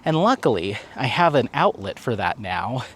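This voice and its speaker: Out on a walk, a man records a casual walk-and-talk vlog in a mid-range, husky, slightly bright voice with big pitch swings at a normal speed. He rambles chattily and laughs often.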